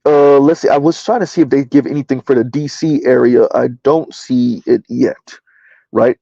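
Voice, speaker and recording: A man hosting a casual livestream, reading numbers aloud and answering his chat in a relaxed, chatty way. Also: mid-range voice, normal speed, creaky, no echo, lo-fi sound. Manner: casual, chatty, addresses listeners as y'all. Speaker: livestream host.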